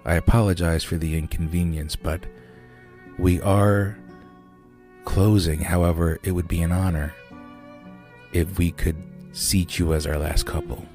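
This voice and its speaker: A man's voice: low-pitched, steady tone, unhurried, pauses often, a little mellow, soft background music. A man doing a suave Italian restaurant manager. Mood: courteous. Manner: polite, formal.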